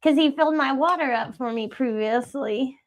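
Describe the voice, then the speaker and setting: High-voiced young woman, chatty and teasing. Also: normal speed. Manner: laughs often, teasing. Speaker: co-host, pregnant wife. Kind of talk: casual chat. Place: home livestream.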